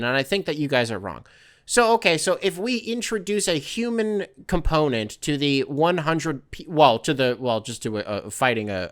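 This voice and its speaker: A man's voice: a little high, fairly bright tone. A young man hosting his own podcast from a home desk, chatting loosely with profane, rambling asides. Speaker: podcast host. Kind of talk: casual solo podcast monologue. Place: home workstation.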